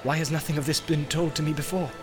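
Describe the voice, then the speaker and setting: A man's voice: on the high side, steady tone, quick pace, music in the background, pitched above the performer's own voice, close to an everyday voice. A man reading an audiobook, voicing a proud, wise elf lord who speaks sternly and formally.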